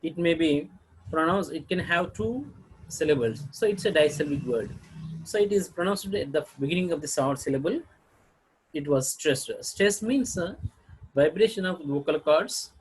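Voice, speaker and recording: Husky Indian-accented man teaching pronunciation. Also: fairly high pitch, lively intonation, rough recording. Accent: Indian English. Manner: halting, frequent throat clearing and filler sounds. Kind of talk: lecture-style video lesson.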